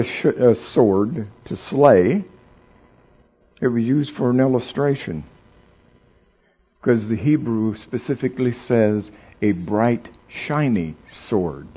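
A man preaching a sermon, swinging from hushed storytelling to loud, exclaiming emphasis, and asking the audience questions. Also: medium pitch, breathy edge, dull audio.

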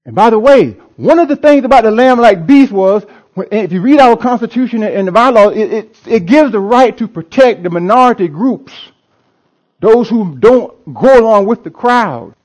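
A man's voice: high voice, animated, moderate pace, a little mellow. A male pastor preaching a sermon to a congregation in a church. He preaches with emphasis, repeats phrases, and chuckles often.

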